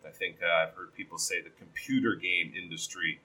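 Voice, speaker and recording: A man teaching pronunciation, giving patient feedback on a learner's reading and modelling sentences slowly with strong stress. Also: low voice, fairly even intonation, bright, forceful tone, breathy edge, poor audio.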